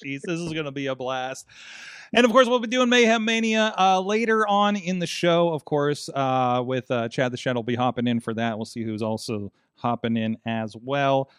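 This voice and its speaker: A man's voice: mid-range voice, moderate pace, a bit bright, clean tone, dry recording, studio quality. A man hosting a wrestling podcast, rambling and joking, laughing often between lines. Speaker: podcast host. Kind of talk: casual chat.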